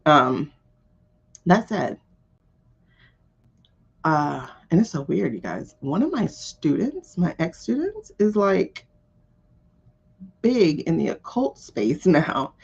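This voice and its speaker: Woman, casual live-stream tarot host, blunt and swears freely, lowish voice, slightly muffled lo-fi audio. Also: slow pace, creaky, pauses often, breathy edge. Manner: blunt and animated, swears freely, laughs often.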